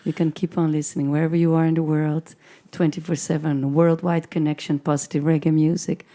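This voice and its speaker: A woman from the Netherlands, a guest DJ, talking in a hoarse voice in a casual, enthusiastic interview chat. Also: sits low, flat delivery, fairly quick, dark tone.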